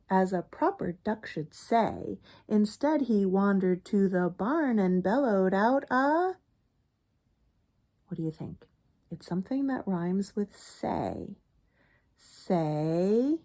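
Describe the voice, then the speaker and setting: A woman reads a children's picture book aloud in an animated, unhurried voice that swings widely in pitch. She stops often to point things out and ask the listener questions. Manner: animated, expressive reading. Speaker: storyteller reading a picture book.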